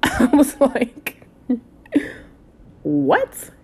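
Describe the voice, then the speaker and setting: A woman in her thirties telling a personal story in a casual, animated way, blunt and swearing freely. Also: on the low side, moderate pace. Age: 30s. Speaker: storytime vlogger.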